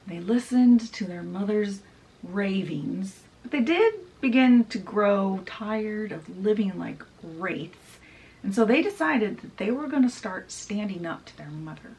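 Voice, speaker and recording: A woman's voice: mid-range voice, distant mic, low-quality recording. A woman book vlogger casually retelling a story in a chatty, storytelling way. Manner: chatty, storytelling, with fillers like "she's like". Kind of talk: casual book summary vlog.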